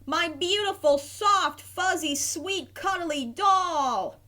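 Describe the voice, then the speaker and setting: A woman's voice: fairly high pitch, takes it slowly, fairly bright tone. A woman voicing a little storybook monster who is upset and plaintive about losing his doll. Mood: overjoyed. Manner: plaintive, then wailing.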